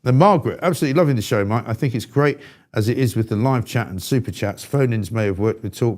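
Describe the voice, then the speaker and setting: A man's voice: lowish voice, darkish tone. Blunt man ranting on a talk show. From England. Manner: blunt, irascible, exasperated rants. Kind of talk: opinionated live show chat.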